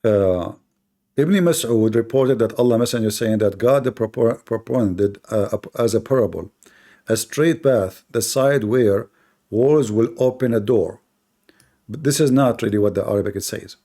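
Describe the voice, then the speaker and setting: A man's voice: on the low side, unhurried, warm tone. A man in a live online debate, combative and scornful, repeating points for emphasis in non-native English.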